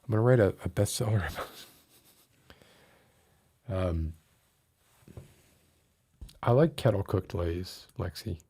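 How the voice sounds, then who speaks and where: In a low, mellow voice with a breathy edge, a streamer chats unhurriedly with viewers, leaving long pauses. His mock-outraged rants push his voice up when he gets going, and he ends up laughing at himself.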